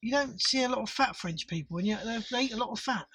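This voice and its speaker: A man's voice: very high-pitched, lively intonation, fast, bright, forceful tone, husky, dry recording, low-quality recording. A man in a casual podcast chat, blunt and sweary in his banter. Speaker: podcast co-host.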